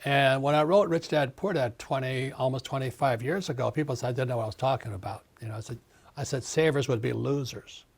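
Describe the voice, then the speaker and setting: Emphatic husky older man ranting. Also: mid-range voice, a little fast. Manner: emphatic, ranting, acts out quoted voices. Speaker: author and guest. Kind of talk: interview.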